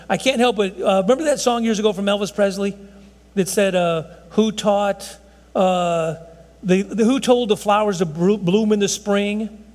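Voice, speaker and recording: A man's voice: high-pitched, big-room sound. A man in his sixties preaching a folksy sermon to his congregation, often saying "folks". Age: 60s. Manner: folksy, repeats "folks, I'm telling you". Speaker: pastor.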